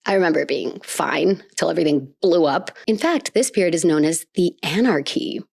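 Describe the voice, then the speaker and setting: A woman hosting a podcast, reading a folk tale aloud and breaking in with playful, excited asides. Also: lowish voice, brisk, creaky, breathy edge, no echo, clean studio sound. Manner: bubbly, playful, reacts with gasps and squeals. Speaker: podcast host.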